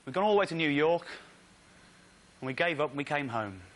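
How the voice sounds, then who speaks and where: A comedian on stage, telling an excitable, indignant comic story with slides. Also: male voice, fairly high pitch, a little fast, a little hiss or hum. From Britain. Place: theatre stage.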